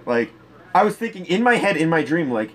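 A man's voice: a little high, a little fast. Crude, laughing male storyteller. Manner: crude, animated, laughs through his stories. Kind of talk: casual comedic storytelling.

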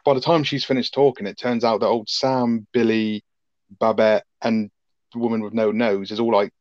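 A lower-pitched man chatting loosely about a film, sprinkling in swearing and laughs. His voice sits close and dry with no room around it, and the sound is a little dull and lo-fi. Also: fairly even intonation, moderate pace, a little mellow, no room sound. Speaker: podcast co-host. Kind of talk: casual film review chat.

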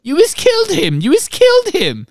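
A shrieking, frantic little female house elf, as a man reads her aloud. She talks in broken grammar, her voice pitched far above a grown man's and loud. The recording is dry and close. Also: huge pitch swings, moderate pace, no room sound, heavily acted. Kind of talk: audiobook-style reading.

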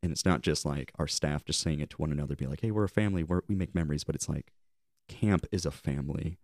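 A man's voice: rumbling low, quick pace, darkish tone, no echo, studio quality. A man co-hosting a podcast, reflecting on his summer leading camp in a rambling, heartfelt way, often restarting his sentences. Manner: rambling, self-correcting, heartfelt. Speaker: podcast co-host, camp leader. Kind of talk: casual reflective podcast chat.

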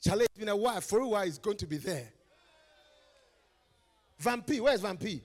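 A Ghanaian man preaching a lively conference sermon, teasing his listeners and swinging from quiet asides to shouted calls. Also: high voice, normal speed, in a large hall. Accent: Ghanaian English. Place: large conference hall.

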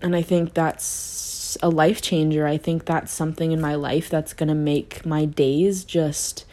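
A young woman who hosts a podcast thinks out loud in an unhurried, candid monologue, her low voice mellow and her delivery flat. She laughs freely and keeps restarting her sentences.

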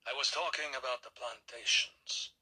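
A man puts on an ancient vampire for an audiobook, telling his story quietly and deliberately. The voice is husky and tight, often dropping to a whisper. It stays collected and unhurried throughout. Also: medium pitch, steady tone, low-quality recording. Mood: brooding. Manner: soft, slow, often whispered. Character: centuries-old male vampire, composed and brooding. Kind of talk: audiobook character reading.

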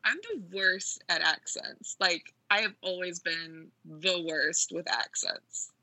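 Bright-voiced cheerful American woman guest. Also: lowish voice, steady tone, slow pace, no room sound, rough recording. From United States. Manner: cheerful and giggly. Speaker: podcast guest. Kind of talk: casual interview chat.

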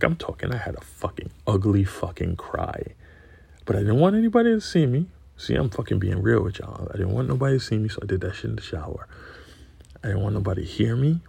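A man's voice: fairly low pitch, creaky, a little mellow, husky, dry recording. A middle-aged man giving a candid, profane, confessional personal monologue. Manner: raw, profane, confessional storytelling. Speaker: podcast host.

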